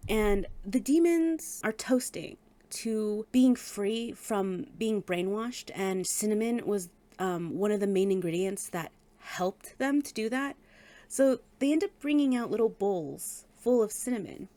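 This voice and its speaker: A woman chats through a book review in a casual, animated way. She laughs often and drops the odd swear word. Her voice sits at a middling pitch. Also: unhurried, no echo.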